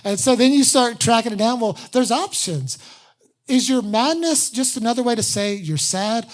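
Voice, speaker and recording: A man's voice: high voice, expressive, a little slow. A middle-aged pastor preaching in a casual, self-deprecating way, acting out people's inner voices as he goes. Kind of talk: sermon.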